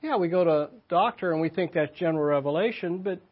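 Husky older man preaching a sermon. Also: a little high, quick pace. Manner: conversational teaching, asks the congregation questions. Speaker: pastor. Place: church meeting room. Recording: slightly muffled, lo-fi sound.

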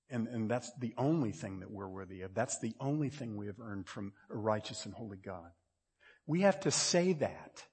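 Husky-voiced guy preaching, chatty then loud and emphatic, long hall reverb. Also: medium pitch. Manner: conversational, builds to loud emphatic peaks, repeats words. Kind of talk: sermon.

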